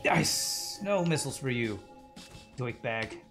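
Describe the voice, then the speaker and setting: A man's voice: medium pitch, animated, slow pace, over music. A man streaming a game live, rambling and joking with frequent swearing. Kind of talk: live gaming commentary.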